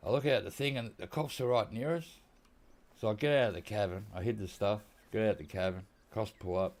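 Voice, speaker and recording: Playing a hunting game, an Australian YouTuber rambles through anecdotes, laughing and quoting what people said. He has a lowish, darkish voice and speaks a little fast.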